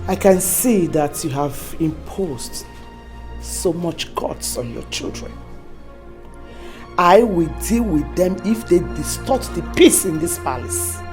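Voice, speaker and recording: A sly king with a Nigerian accent, speaking slowly and calmly as he taunts. Faint film music plays underneath. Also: high-pitched. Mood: taunting. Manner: calm and taunting. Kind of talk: Nollywood film acting.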